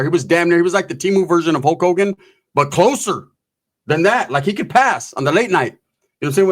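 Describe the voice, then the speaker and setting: A man telling a profane, comedic story in an animated, swaggering way, full of slang. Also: a little high.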